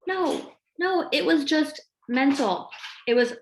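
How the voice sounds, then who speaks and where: A woman talks to camera from home in a lively, chatty way, slipping into the voices of herself and others as she tells it. Her voice sits a bit high. The room around her is echoey. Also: slow pace, slight background noise. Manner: animated, acts out her own quotes. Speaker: health coach. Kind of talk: casual chat to camera.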